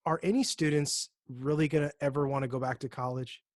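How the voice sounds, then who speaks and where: A young man co-hosts a casual podcast, drifting through rambling stories and often restarting his sentences. His voice sits at an ordinary middle pitch. The sound is close and dry, with no room around it. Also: fairly even intonation, fairly quick, no echo. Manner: rambling, storytelling with many restarts. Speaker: podcast co-host. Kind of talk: casual chat.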